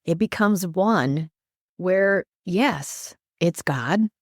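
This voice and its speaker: A woman guest who is a life coach and minister, talking earnestly about faith and quoting scripture in an animated, preacherly way. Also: on the low side, drawn-out words, no room sound, studio quality. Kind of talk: earnest faith-based teaching in conversation.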